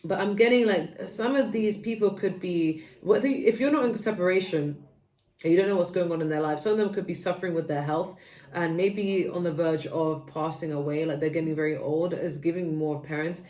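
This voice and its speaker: A woman's voice: fairly low pitch, a little fast, darkish tone. Earnest woman tarot reader in an echoey room. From United Kingdom. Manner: rambling, earnest, many fillers and restarts. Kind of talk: tarot card reading to viewers. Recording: echoey room, voice a little far from the mic.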